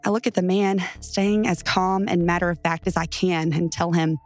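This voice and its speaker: A woman's voice: fairly low pitch, steady tone, normal speed, few pauses, no echo, faint music behind. A woman narrating a true first-person story in an earnest, tense way.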